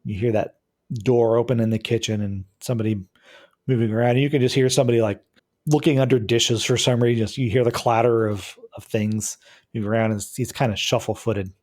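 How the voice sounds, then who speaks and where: Mellow-voiced male game master. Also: medium pitch, fairly even intonation. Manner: descriptive, halting. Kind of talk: narrating a tabletop game.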